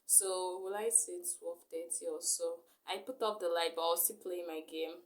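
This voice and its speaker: A woman's voice: on the low side, steady tone, normal speed. A young woman, recounting a story in a rambling vlog style full of fillers. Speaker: vlogger.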